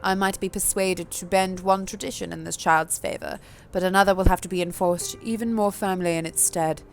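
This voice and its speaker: Woman doing a stern vampire queen type, slow and regal, kinda hushed. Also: fairly low pitch, fairly even intonation, vocal fry, slight background noise. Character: stern female vampire prince, commanding ruler.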